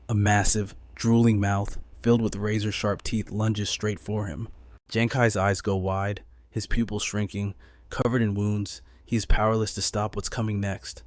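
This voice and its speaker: A man narrating a comic story recap in a measured, dramatic storytelling manner. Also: on the low side, no echo.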